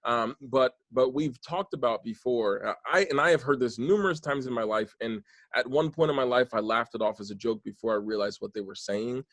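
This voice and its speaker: A man hosts a podcast in a casual, earnest way, circling back and restarting his sentences as he thinks aloud. His voice sits in a middle pitch. The recording is close and dry. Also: fairly quick, hardly any pauses, fairly bright tone, dry recording. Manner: earnest, rambling, many restarts. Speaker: podcast host.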